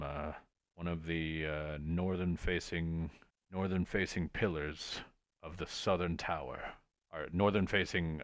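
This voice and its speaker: A man's voice: very deep voice, a bit bright, dry recording. A man voicing a wistful, loyal shifter family man who talks in a nostalgic, rambling and blunt way.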